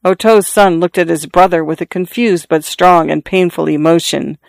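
Smooth, dry audiobook narrator. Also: mid-range voice, no echo. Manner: measured, even storytelling.

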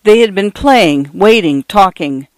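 A man narrating a literary short story in a measured reading voice. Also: sits high, animated, no echo. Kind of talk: audiobook narration.

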